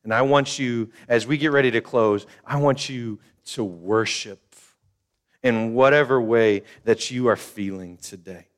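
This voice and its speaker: A man's voice: mid-range voice, unhurried. An older man preaching a sermon as pastor, conversational, repeating phrases and acting out the voices of the people in his story.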